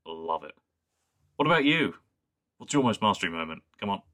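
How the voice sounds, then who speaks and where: A young man with a low voice and a bright, forceful edge co-hosts a casual podcast chat. He talks with real enthusiasm. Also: big pitch swings, moderate pace. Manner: enthusiastic, quotes lines in a put-on voice. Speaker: podcast co-host.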